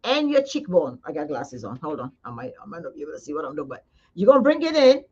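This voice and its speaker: A woman's voice: sits low, sing-song, fast talker, a little mellow, husky. A woman esthetician giving a casual live demonstration, chatty and coaxing, talking straight to her viewers. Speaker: esthetician demonstrating face massage. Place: skincare studio. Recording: slightly dull lo-fi sound.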